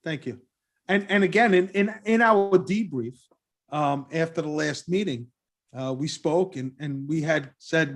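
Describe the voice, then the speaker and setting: Brief: man, slightly high voice, applicant at a planning board, earnest, stumbles and restarts, keen to please. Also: lively intonation, unhurried. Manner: earnest, eager, many restarts. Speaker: applicant presenting a restaurant design. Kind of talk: presentation at a public meeting.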